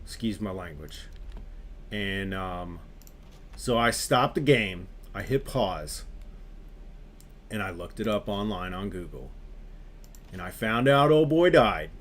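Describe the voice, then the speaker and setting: Low-voiced man ranting on a stream. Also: slow pace, pauses often, slight background noise. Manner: animated, ranting, swears freely. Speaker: game streamer. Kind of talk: casual chat with live viewers.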